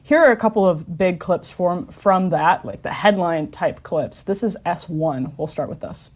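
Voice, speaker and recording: Lady hosting a chat show, lowish voice, giggly and chatty. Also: lively intonation, normal speed, a little mellow. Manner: chatty, laughs often, restarts. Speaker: host. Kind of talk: casual chat.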